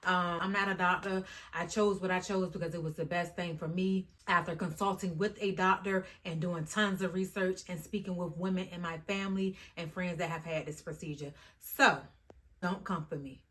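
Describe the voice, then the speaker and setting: Chatty woman vlogger with a low voice. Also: normal speed. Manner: chatty, animated, often addresses viewers as "y'all" and "guys". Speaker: YouTube vlogger. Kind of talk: casual talk to camera.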